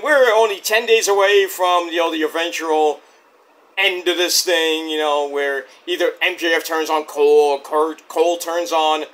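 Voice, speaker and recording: A man giving a casual, excitable wrestling review and acting out the quotes in silly voices. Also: on the high side.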